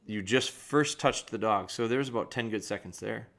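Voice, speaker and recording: A man's voice: lowish voice, normal speed, vocal fry, a bit bright. A man hosting a dog training podcast, reviewing a trainee's video and talking directly to him with frank critique.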